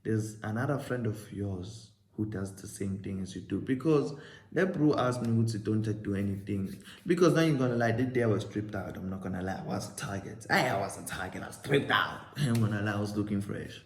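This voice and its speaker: A man's voice: on the low side, lively intonation, fairly quick, reverberant. A young man with a South African accent, casually telling a storytime and acting out both sides of the conversation. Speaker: vlogger.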